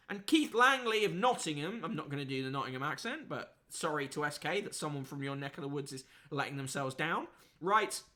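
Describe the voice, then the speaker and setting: Sardonic bright-voiced male newspaper reviewer. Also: fairly high pitch, sing-song, measured pace. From United Kingdom. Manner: sardonic, swearing, frequent fillers. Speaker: host.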